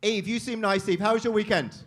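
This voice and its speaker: A man hosting a live comedy show, teasing the audience with crude, quick-witted crowd work. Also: high-pitched. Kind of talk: crowd-work stand-up banter.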